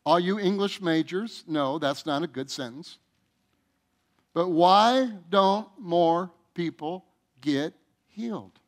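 A man preaching to his church in a high-pitched voice. He takes his time, drawing the words out and pressing each point home as he speaks straight to his listeners. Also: takes it slowly. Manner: emphatic, addresses the congregation directly. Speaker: pastor. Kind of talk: sermon.

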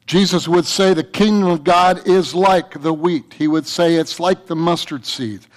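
A man's voice: on the high side, unhurried. A man preaching a sermon to his church, fervent and repetitive, breaking into a story. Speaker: pastor.

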